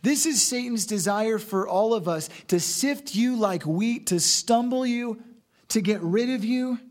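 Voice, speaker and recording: A man's voice: high-pitched, a little slow. A man preaching a sermon in an earnest, exhorting way, moving between reading scripture aloud and urging his listeners on. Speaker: pastor.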